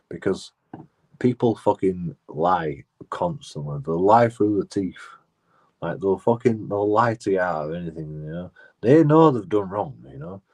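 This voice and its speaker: Guy with a lowish voice, casual profane rant that loops back on itself. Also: darkish tone. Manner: profane, repetitive, restarts phrases. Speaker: auditor vlogger. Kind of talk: casual rambling monologue.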